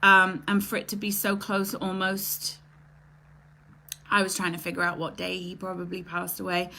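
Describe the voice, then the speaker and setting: Bright-voiced emotional woman hosting a live stream. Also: on the low side, monotone, moderate pace, creaky, a little hiss or hum. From Canada. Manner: emotional, chatty, greets viewers by name, often tearful. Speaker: live show host. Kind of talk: casual live-stream chat.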